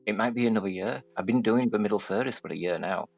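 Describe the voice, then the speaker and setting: Man, gravelly low voice, halting filler-heavy chat, faint music behind. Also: darkish tone. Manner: halting, filler-heavy, says "you know what I mean". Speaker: guest creator on a stream panel. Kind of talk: casual chat.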